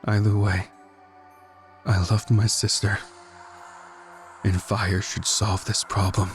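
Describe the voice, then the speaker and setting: A man narrating a first-person horror story in a measured, tense, brooding way. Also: on the low side, flat delivery, soft background music. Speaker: guest narrator.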